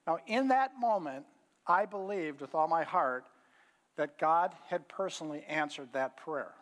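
A man's voice: a little high, lively intonation, unhurried, a bit bright. A middle-aged man preaching in a casual, folksy storytelling way with lots of fillers. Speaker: pastor. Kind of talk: sermon storytelling. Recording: hall reverb.

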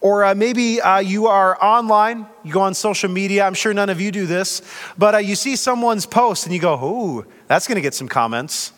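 A man's voice: sits high, steady tone, moderate pace, a bit bright, long reverb tail. A man preaching a sermon as pastor, in a conversational way with light humor.

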